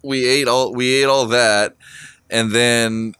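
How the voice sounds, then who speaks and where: A man's voice: mid-range voice, steady tone, slow pace, bright, forceful tone, smooth, no room sound, studio quality. A man telling a crude, funny anecdote in casual chat with friends, swearing often and laughing as he goes. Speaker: storyteller among friends.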